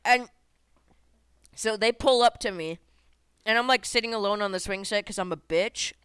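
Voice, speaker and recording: A woman's voice: mid-range voice, normal speed, fairly bright tone, smooth, no echo. A woman co-hosting a casual podcast, telling stories in a rambling way, swearing often and breaking into laughter. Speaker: podcast co-host. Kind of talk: casual storytelling chat.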